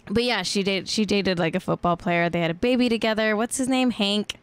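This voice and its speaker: A woman's voice: mid-range voice, brisk, smooth, no room sound. A woman in her thirties from California hosting a casual celebrity gossip chat, joking and laughing often. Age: 30s. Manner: chatty, jokey, laughs often. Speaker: podcast host.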